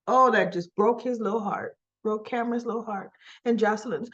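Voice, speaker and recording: A woman's voice: fairly high pitch, a little fast. A woman hosting a casual soap opera recap, chatting and acting out the characters' lines in a raised voice. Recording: slightly dull lo-fi audio.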